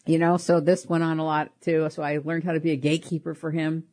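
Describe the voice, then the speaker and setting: Lower-voiced woman telling family stories. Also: fast. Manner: animated, laughs often, repeats words. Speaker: podcast host. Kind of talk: personal storytelling.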